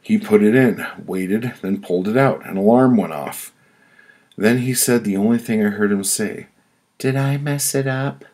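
A man's voice: on the low side, normal speed, a little mellow. A man reading his own first-person prose aloud, blunt and profane in his telling.

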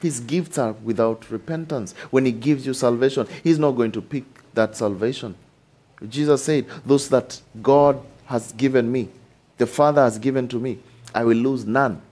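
A man preaching a sermon with animated delivery, repeating lines and asking rhetorical questions. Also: mid-range voice, normal speed. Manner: acts out short dialogues in changed voices.

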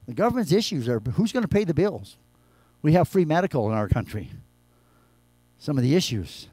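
Male pastor, fairly high voice, preaches in swings from hushed scripture reading to loud raised emphasis; dry, close sound. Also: very animated, a little fast, no echo. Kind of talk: sermon. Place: church.

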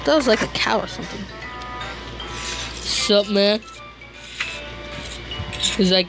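A woman hosting a reaction video in casual commentary, excitable and quick to burst into shrieks and exclamations. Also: medium pitch, over music.

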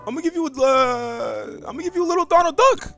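A young man giving casual gaming commentary, slangy and excitable, chatting to the game's creatures and yelping when startled. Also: extremely high pitch, quick pace, vocal fry, faint music behind. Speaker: gaming YouTuber.

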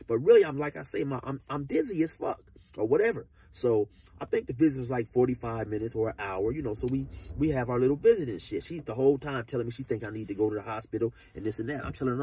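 A man's voice: mid-range voice, quick pace, dark tone, husky, no room sound. A man telling a personal story in a laid-back, slangy, profane, rambling way. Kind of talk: casual storytelling.

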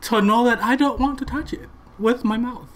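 A man hosting a reaction video, talking in casual, slangy, excitable commentary and often breaking into laughter. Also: very high voice, normal speed.

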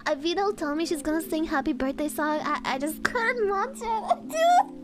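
A young woman streamer reacting in casual talk, excitable, stammering, laughing often and swearing a lot. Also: very high voice, moderate pace.

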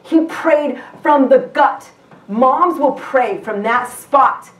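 Taking her time, a woman with a high voice preaches a sermon as guest pastor in a church sanctuary. She talks in a conversational manner, often starting sentences over and posing questions to the congregation, recorded from far off in an echoey church hall.

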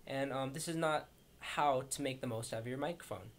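A man's voice: medium pitch, brisk. Chatty man explaining mic setup. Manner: chatty, direct, addresses viewers. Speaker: video tutorial host. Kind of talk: casual how-to explanation. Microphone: condenser microphone, position varied.

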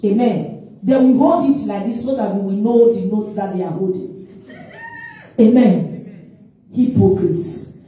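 A woman's voice: medium pitch, measured pace, long pauses, dark tone. A woman evangelist preaching a sermon in call-and-response style, asking questions and answering them herself, recorded in a church hall. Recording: echoey room, distant mic, faint music.

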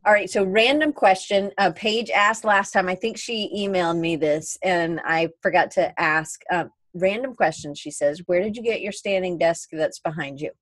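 A woman's voice: lowish voice, normal speed, few pauses, no room sound. A woman hosting a podcast interview, chatting casually and reading out listener questions. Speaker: podcast host.

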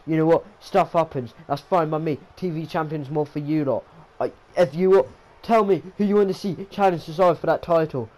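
A young man giving excitable play-by-play commentary on a wrestling video game, repeating his calls and tripping over his words. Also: on the high side, low-quality recording.

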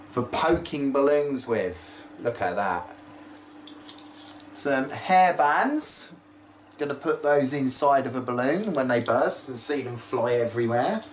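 A man vlogging in a casual, chatty way, excitable and prone to squeals of delight. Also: medium pitch, echoey room, a little hiss or hum, poor audio. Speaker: YouTube vlogger. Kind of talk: casual chat.

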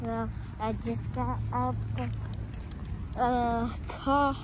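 High-voiced young woman vlogging from a car. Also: little pitch movement, extremely slow. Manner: playful, drawling slang, teasing her mom. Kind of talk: casual vlog chat with a put-on slangy voice. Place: inside a car. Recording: road noise in a car.

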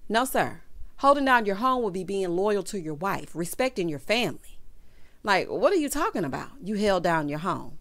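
A woman's voice: medium pitch, very animated, moderate pace, fairly bright tone. A woman recapping a reality show in a sassy, casual commentary, constantly calling listeners honey and child.

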